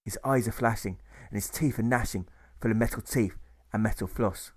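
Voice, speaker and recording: A man's voice: on the low side, moderate pace, breathy edge. A man narrating his own rhyming novel as an audiobook, reading rhythmically and stressing the rhymes.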